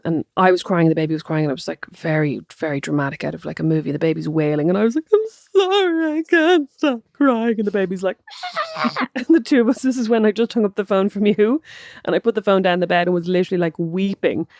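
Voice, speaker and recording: Irish woman, 30s, podcast co-host, quick and chatty, low-ish voice, dry close sound. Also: a little mellow, dry recording. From Ireland. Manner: chatty, self-deprecating, laughs often. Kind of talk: casual chat.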